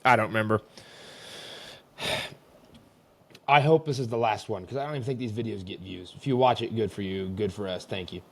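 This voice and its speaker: A man's voice: fairly low pitch, moderate pace, creaky, pauses often. A young man hosting a casual sports rant, exasperated and rambling as he vents. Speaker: host.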